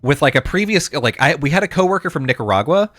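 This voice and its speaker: Podcast co-host, male, slightly high voice, dry close-mic sound, rambling casual talker who restarts sentences and acts out quotes. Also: sing-song, fast talker, a bit bright, dry recording, faint music behind. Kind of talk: casual chat.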